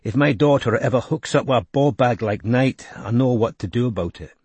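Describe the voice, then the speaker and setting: A blunt man with a crude sense of humour and a raised, gruff voice, as a male narrator plays him. He talks bluntly, husky and dry, in an audiobook. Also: mid-range voice, brisk, a little mellow, no echo.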